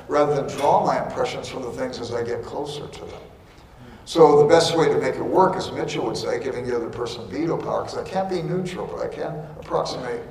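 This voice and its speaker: A middle-aged man giving a lecture with earnest explanation and wry asides. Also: on the high side. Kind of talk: lecture with anecdotes. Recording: echoey hall, speaker far from mic.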